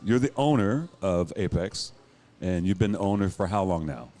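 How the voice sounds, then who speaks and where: A man's voice: deep voice, animated, normal speed, mellow. A man hosting a beer podcast in casual banter, laughing often. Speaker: podcast host. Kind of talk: casual chat.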